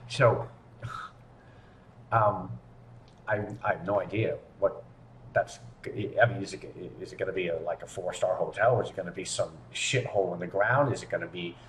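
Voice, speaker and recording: A man telling a story from his apartment in a rambling, animated way, full of restarts and asides. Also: on the low side, reverberant, slight background noise. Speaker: vlogger recounting lockdown. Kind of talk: casual storytelling monologue.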